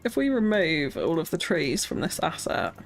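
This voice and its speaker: A woman's voice: sits low, sing-song, normal speed, vocal fry. A British woman live-streaming a city-building game, thinking aloud and chatting with viewers, often breaking into nervous laughs. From Britain. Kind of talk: casual live-stream chat while building.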